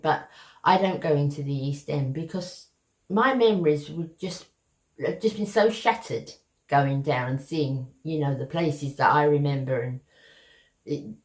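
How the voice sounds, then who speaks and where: Older Cockney woman chatting warmly. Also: deep voice, measured pace, reverberant. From East End of London. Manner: chatty and affectionate, calls viewers my love. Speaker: beauty vlogger. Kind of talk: casual chat to camera.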